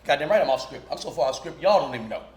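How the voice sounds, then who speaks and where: A male host tells a story in an animated, comic way, with a high voice that swings widely in pitch. He is loud and theatrical. The sound is roomy, with faint background noise. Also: very fast. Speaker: podcast host.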